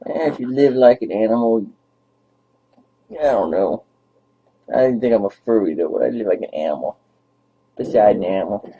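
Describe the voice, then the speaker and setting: A man's voice: fairly low pitch, expressive, normal speed, long pauses, warm tone, breathy edge. A young man rambling playfully to his dog on camera in baby talk, as a vlogger. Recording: tinny phone-like lo-fi audio.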